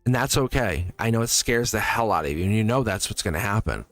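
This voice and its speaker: A man's voice: on the low side, animated, quick pace, a bit bright, dry recording. A man hosting a live tarot reading, chatty and reassuring, speaking straight to a viewer and often laughing.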